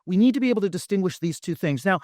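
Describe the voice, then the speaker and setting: A man's voice: high-pitched, lively intonation, very fast, darkish tone, dry recording, studio quality. A man giving an emphatic, argumentative speech at a live debate, with frequent fillers and restarts. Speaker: debate panelist. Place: festival debate stage.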